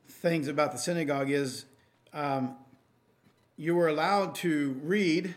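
A man's voice: fairly high pitch, a bit bright. A man preaching a sermon in a conversational way, with many fillers and restarts, and reading scripture aloud in a raised, emphatic voice.

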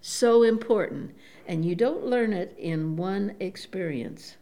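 An elderly woman giving a devout sermon, unhurried, often saying praise the Lord and pausing with fillers. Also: medium pitch, animated, mellow. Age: older. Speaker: preacher.

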